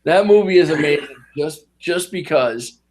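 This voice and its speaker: A man with a fairly high voice chats casually on a podcast. He tells movie stories with animation and jumps into voices for the characters as he goes. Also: moderate pace. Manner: animated storyteller who acts out movie scenes in voices. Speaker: podcast co-host. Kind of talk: casual chat.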